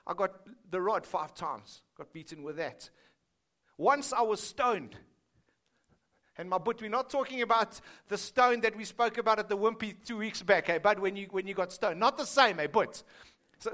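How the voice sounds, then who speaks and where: Joking and conversational, this pastor addresses his congregation head-on during a sermon. His voice is high and bright, delivered with a forceful tone.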